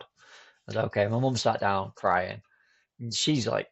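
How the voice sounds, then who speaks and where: A man's voice: on the low side, steady tone, normal speed, creaky, pauses often. A man telling his own story as a podcast guest in an informal, candid way, full of restarts and fillers. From Britain.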